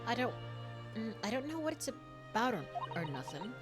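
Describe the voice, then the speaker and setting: A woman voicing a young, scrappy street girl from London with a put-on cockney accent, telling her story in quick, nervous bursts. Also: on the high side, big pitch swings, soft background music.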